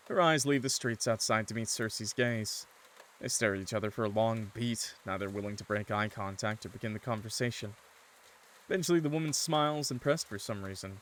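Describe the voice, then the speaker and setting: A man streaming a visual novel, reading its narration and reacting excitably in casual commentary, swearing and laughing loudly. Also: on the low side, fairly quick, slight background noise.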